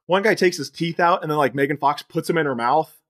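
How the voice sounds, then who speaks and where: Speaking fairly quickly in a slightly high, somewhat bright voice, a man co-hosts a podcast. He walks through a movie's plot scene by scene in a casual way, quoting snippets of dialogue and frequently laughing.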